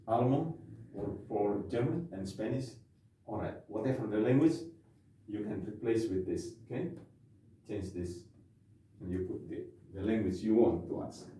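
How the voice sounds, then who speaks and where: A man runs a whiteboard lesson, repeating each phrase and checking with his class. He speaks very slowly in a mellow, low-lit tone. The sound is distant and boomy, as if the mic sits far off in a bare classroom. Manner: slow, repetitive drilling with frequent "okay?" checks. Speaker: language teacher. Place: classroom with a board. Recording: echoey room, mic far off.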